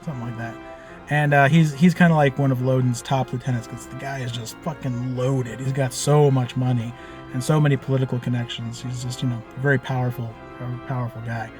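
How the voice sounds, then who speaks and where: With faint music in the background, a man relates a tabletop session he ran as game master. His medium-pitched voice is brisk, and his telling is loose and animated with many fillers and casual cursing.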